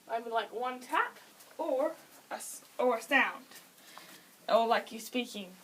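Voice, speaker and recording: A teenage girl with a high voice rambles through a casual how-to, stopping to correct herself and adding quick giggly asides. She sounds set back from the microphone, with a faint hiss of background noise underneath. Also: distant mic, rough recording. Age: late teens. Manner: chatty, self-interrupting, giggly asides. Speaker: vlogger explaining pet training.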